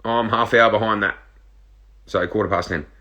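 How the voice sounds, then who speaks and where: An Australian man in his thirties, casually reading viewer questions out loud and answering them in a laid-back, joking way. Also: lowish voice, fairly even intonation, normal speed. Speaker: reality show contestant answering live viewer questions. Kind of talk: casual live-stream Q&A.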